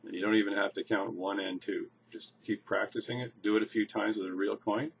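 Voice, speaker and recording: Low-voiced man teaching a magic trick. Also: a little fast, gravelly. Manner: relaxed, repeats words and restarts while demonstrating. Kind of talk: casual demonstration tutorial. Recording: slightly dull lo-fi recording with faint noise.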